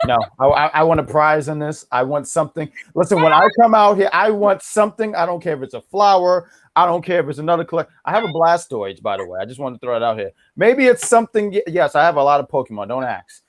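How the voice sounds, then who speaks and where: A man's voice: on the high side, expressive, quick pace, hardly any pauses. A man co-hosting a wrestling podcast, chatting casually with a joking, mock-boastful manner. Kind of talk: casual chat.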